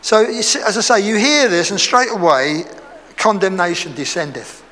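A man's voice: high-pitched, moderate pace. A man with an Essex accent preaching a sermon, telling stories with laughs and acting out the lines he quotes. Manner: lively storytelling, laughs and acts out quotes. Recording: echoey hall with faint background noise.

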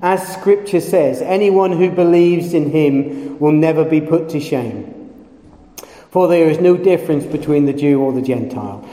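Male preacher, mellow slightly high voice, animated sermon with jokes, roomy hall reverb. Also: normal speed. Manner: animated storytelling with playful asides and acted quotes. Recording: echoey hall with long reverb.

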